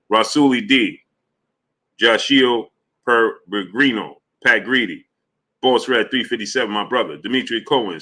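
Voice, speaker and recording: Bright-voiced man hosting a live stream. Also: mid-range voice. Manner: shouts out chat names between points, rising emphatic questions. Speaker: boxing channel host.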